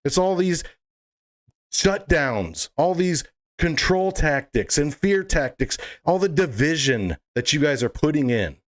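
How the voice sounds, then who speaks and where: A man's voice: a little high, lively intonation, measured pace. A man delivering an impassioned monologue to camera as a political video blogger, fiery, emphatic and indignant.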